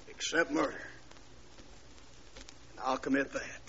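A man preaching his testimony, telling a story that swings from hushed to shouting. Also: high voice, moderate pace, long pauses. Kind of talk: sermon testimony. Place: church. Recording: dull lo-fi sermon recording.

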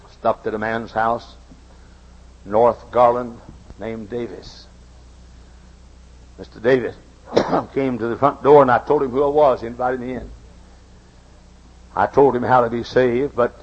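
A man preaching a sermon, telling stories and acting out the voices in them, going from quiet to shouting. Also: medium pitch, gravelly, slightly rough. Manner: dramatic, acts out voices, swings from soft to shouting. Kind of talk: sermon with storytelling. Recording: dull lo-fi recording.

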